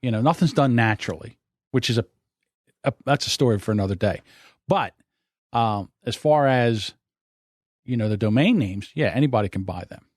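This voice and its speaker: A man's voice: mid-range voice, lively intonation, normal speed, long pauses, a little mellow, no echo. A man co-hosting a podcast, chatting casually and telling rambling anecdotes on a close mic. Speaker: podcast co-host. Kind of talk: casual chat.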